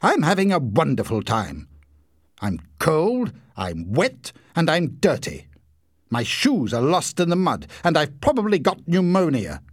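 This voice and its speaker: A haughty young man who lectures everyone and complains about everything, as a male narrator puts him on. His voice sits somewhat higher than the reader's own and carries a husky edge. He sounds endlessly self-satisfied. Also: huge pitch swings, unhurried, dry recording, studio quality, heavily acted. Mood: sarcastic. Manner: haughty, whining, self-important. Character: pompous young man, lazy know-it-all complainer.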